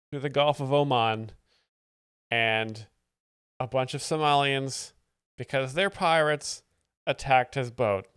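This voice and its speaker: A man hosting a stream, explaining jokes in a deadpan, faux-earnest expert manner. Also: medium pitch, clean tone, dry recording, studio quality. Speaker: host, joke explainer. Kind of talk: mock-expert comedic commentary.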